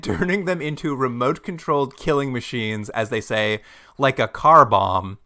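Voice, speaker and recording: A man co-hosting a podcast, recapping a TV episode in casual chat, animated and quick to laugh. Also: medium pitch. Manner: animated, laughs often, jumps into mock quotes. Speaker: podcast co-host.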